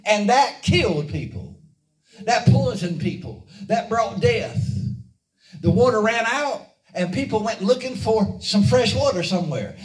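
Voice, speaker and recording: A man's voice: high-pitched, animated, unhurried. A man preaching a fervent, rhythmic call-and-response sermon to his congregation. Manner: fervent, rhythmic, drives the congregation to repeat after him. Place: church service. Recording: echoey church audio from a distance.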